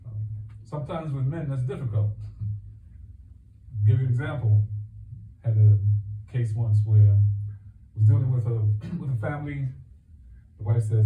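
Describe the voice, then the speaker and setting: A man's voice: medium pitch, animated, moderate pace, pauses often. Man telling stories in an echoey mosque hall. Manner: storytelling, acts out dialogue in quotes. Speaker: counselor giving a talk. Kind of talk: conversational religious talk. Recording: echoey hall, far from mic, tinny phone-like sound.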